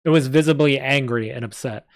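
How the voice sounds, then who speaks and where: A man's voice: mid-range voice, fairly quick, no room sound. A man reads a story aloud on a live stream. He keeps a plain pace and fixes small slips as he goes. The sound is close and dry. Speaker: story reader.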